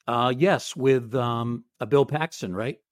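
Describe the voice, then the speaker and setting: Guy co-hosting, mid voice, quick friendly yeahs, dry close mic. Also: mid-range voice, dry recording. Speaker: podcast co-host. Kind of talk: casual interview chat.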